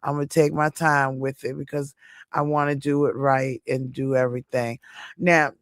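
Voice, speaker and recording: A woman's voice: very deep voice, flat delivery, normal speed, no room sound, clean studio sound. A woman hosting a casual live stream, reading viewer chat aloud, chatty and emphatic, repeating her points and addressing viewers by name.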